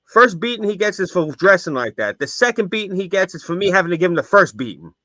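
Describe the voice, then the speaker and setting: A man putting on the voice of his short, stern old-school uncle, lecturing forcefully. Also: on the high side, big pitch swings, fast talker, no echo.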